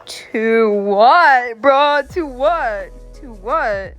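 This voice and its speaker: A woman hosting a casual reaction vlog, excitable and exasperated, talking with plenty of slang. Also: on the high side, a little slow, soft background music. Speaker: host. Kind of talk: casual reaction vlog, reading a story aloud.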